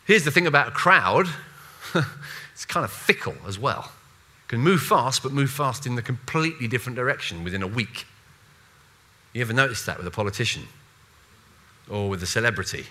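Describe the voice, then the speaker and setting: A man preaching a sermon in a conversational, animated way, with playful asides and voiced quotes. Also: mid-range voice, moderate pace, long pauses.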